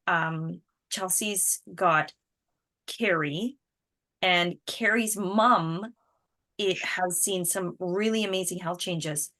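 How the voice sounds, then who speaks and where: A woman's voice: medium pitch, a bit bright. Chatty woman leading a motivational talk. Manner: chatty, laughs often, many restarts. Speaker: team leader.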